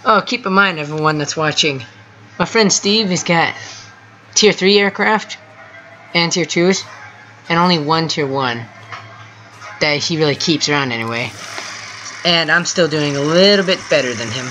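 A gameplay host giving casual, excitable running commentary from home while chatting with a teammate. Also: mid-range voice, normal speed, pauses often, a little hiss or hum, rough recording. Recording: game music clearly heard underneath. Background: music from the game.

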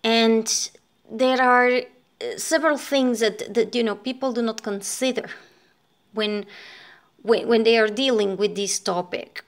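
Slow, rambling woman vlogger from Venezuela. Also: on the high side. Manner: rambling and conversational, thinking aloud. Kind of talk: casual talk to camera.

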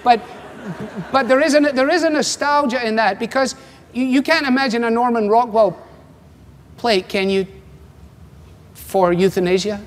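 This Scottish-accented preacher, a man in his 70s, delivers his sermon wryly and conversationally, performing quotations as he goes. His voice is very high, at normal speed, broken by long pauses. The recording carries a long reverb, as in a large hall.

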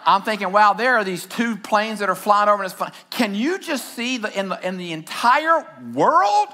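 A man pastor preaching a sermon, reading scripture and telling animated stories with shouted asides. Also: high-pitched, normal speed, slight background noise. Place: church stage.

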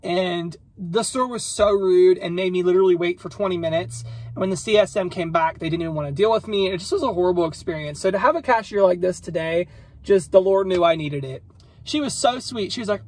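A man with an American accent, chatting casually and excitedly about shopping deals in a vlog. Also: high voice, a little fast. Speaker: vlogger. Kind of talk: casual chat. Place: car and store.

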